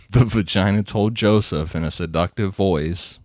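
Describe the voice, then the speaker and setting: Deep-voiced man narrating a podcast. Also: measured pace, darkish tone, no room sound, studio quality. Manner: reads case notes, laughs often. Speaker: podcast host. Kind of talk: casual true-crime narration.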